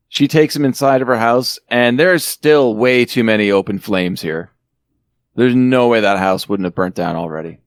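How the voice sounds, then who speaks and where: A man's voice: mid-range voice, no echo. A man hosting a podcast, casually recapping a film's plot with joking asides. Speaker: podcast host recapping a film. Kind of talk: casual chat.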